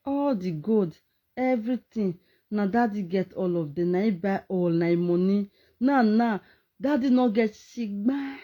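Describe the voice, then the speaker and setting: A woman's voice: mid-range voice, unhurried, lo-fi sound. A Nigerian woman ranting on a live stream, mocking and scolding as she mixes pidgin and English.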